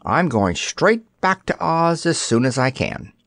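Male reader doing a small lively girl, raised pitch, dry close audiobook sound. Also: unhurried, dry recording, exaggerated voice. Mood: curious. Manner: lively, wondering and earnest. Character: curious cheerful young girl.

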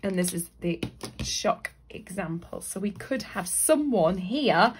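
A woman's voice: medium pitch, animated, takes it slowly, slight background noise. A woman with a Northern English accent who talks through a drawing tutorial in a chatty way, thinking aloud as she sketches. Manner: chatty, thinks aloud, briefly voices her drawn characters. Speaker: illustrator teaching drawing.

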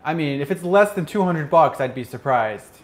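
A man's voice: fairly high pitch, expressive, moderate pace. A man co-hosting a homestead show, chatting casually with dry, matter-of-fact remarks. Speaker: co-host. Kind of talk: casual chat.

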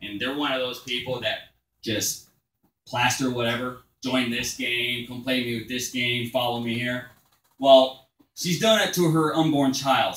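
A man doing crude open-mic stand-up at a bar, telling stories loosely and shouting his punchlines. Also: medium pitch, echoey room, poor audio. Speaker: stand-up comedian. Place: small bar stage.

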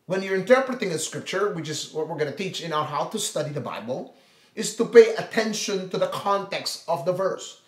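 Male pastor, high voice, dynamic preacher moving between loud emphasis and hushed prayer, echoey sanctuary sound. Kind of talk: sermon.

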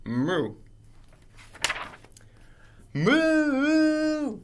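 A man voicing a storybook cow, mooing in swoops from very high to low. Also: huge pitch swings, extremely slow, darkish tone, a little hiss or hum, exaggerated voice. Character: mooing cow of every size.

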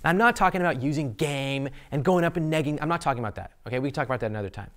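A man hosting an instructional talk to camera in a studio, speaking expressively and deliberately slowing his delivery to make points. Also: on the high side, expressive. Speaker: host.

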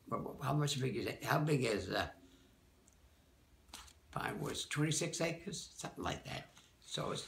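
An older man, a dance teacher, recalling people from the past in a rambling, halting way, often correcting himself. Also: medium pitch, vocal fry, bright, forceful tone, echoey room, a little hiss or hum. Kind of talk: oral-history reminiscence.

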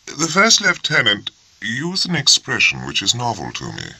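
A man's voice: mid-range voice, huge pitch swings, moderate pace, pushed and bright, husky, dry recording, voice pushed up, exaggerated voice, rough recording. A man voicing a grave, formal and very courteous naval officer who speaks with stiff precision. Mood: formal, puzzled.

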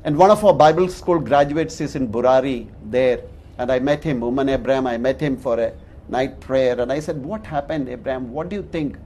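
A man's voice: mid-range voice, brisk, a little mellow, slight background noise. A man, a pastor preaching a sermon and telling stories with chuckles at his own anecdotes.

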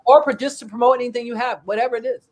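A woman's voice: fairly high pitch, steady tone, racing. A woman hosting a casual interview chat, effusive and full of praise for her guest. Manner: effusive and warm toward the guest. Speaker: talk show host.

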